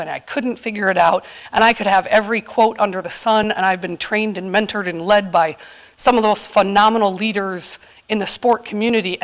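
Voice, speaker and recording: Candid woman telling her story. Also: medium pitch. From California. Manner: candid, earnest, many fillers. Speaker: community event speaker. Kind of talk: personal talk to a live audience.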